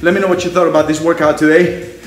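A man's voice: fairly high pitch, quick pace. A man leading a home workout as a fitness instructor, cheering people on and counting reps, out of breath. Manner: energetic, encouraging, counts reps aloud. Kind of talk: live workout coaching. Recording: very echoey room, mic at a distance.

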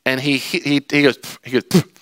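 A male pastor giving a lively sermon, telling stories and acting out voices with jokes. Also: mid-range voice, fast, no echo, studio quality. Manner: animated, jokey storytelling with acted-out voices.

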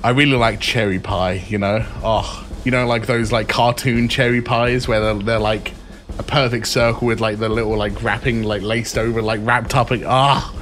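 A man's voice: lowish voice, steady tone, moderate pace, a little hiss or hum. A young man streaming live, reading items aloud and reacting with crude, joking remarks. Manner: crude, joking, reacts loudly to each item.

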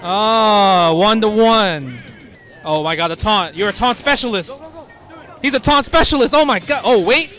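Hyped high-voiced man commentating. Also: a little slow. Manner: hype reactions, slangy, frequent shouts. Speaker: host commentating pro players. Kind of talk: excited casual commentary.

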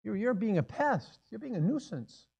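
An impatient crowd member snaps at a beggar in a raised, strained voice, as a preacher puts him on. His scolding is sharp and exasperated, pitched well above an ordinary speaking voice. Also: sing-song, normal speed, creaky, breathy edge, highs cut off, exaggerated voice. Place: church sanctuary.

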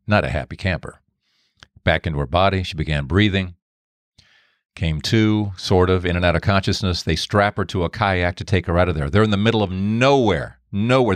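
A man hosting a faith podcast, telling a story in an animated way and jumping up in pitch for the voices he quotes. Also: no echo, studio quality. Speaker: podcast host. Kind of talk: storytelling monologue.

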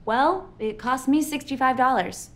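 A woman's voice: high voice, a little slow, a bit bright. An actress playing an exasperated young girlfriend in a comedy sketch, speaking with dry sarcasm. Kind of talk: scripted comedy sketch acting.

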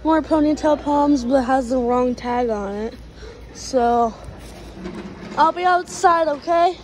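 High-voiced gushing young woman vlogger. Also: slow pace, poor audio. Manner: chatty, gushing, many fillers and restarts. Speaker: plant vlogger. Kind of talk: casual vlog walkthrough. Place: indoor garden store. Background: faint store noise.

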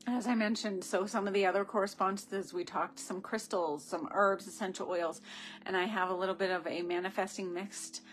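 A woman's voice: mid-range voice, fairly even intonation, normal speed, slight background noise. A woman leading a live-streamed ritual, talking to viewers through a phone camera. She is effusive and rambling, with gushing asides. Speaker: spiritual ritual leader.

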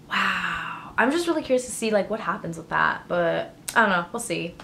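A woman vlogging in casual chat, excitable and chatty, filling her talk with "like". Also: mid-range voice, a little hiss or hum.

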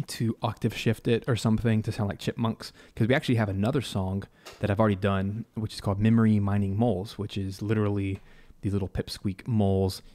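Low, mellow-voiced man thinking aloud. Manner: thinks aloud, hums and scats melody ideas. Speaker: composer hosting a live stream. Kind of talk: casual live-stream commentary on composing.

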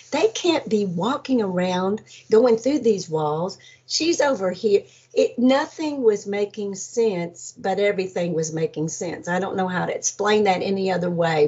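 A woman in her seventies, an energy healer, telling an animated story and acting out other people's voices, with frequent laughs. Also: mid-range voice, husky. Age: 70s. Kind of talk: storytelling about a near-death experience. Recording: dull lo-fi audio.

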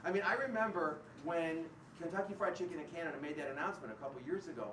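A man giving a public university lecture, animated and sarcastic, often acting out the voices of the people he quotes. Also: fairly high pitch, fast, distant mic, slight background noise. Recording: roomy hall picked up from afar.

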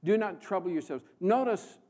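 A man from the American Midwest preaching a sermon as a guest preacher, swinging between loud proclamation and hushed emphasis. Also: sits high, lively intonation, moderate pace. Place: church.

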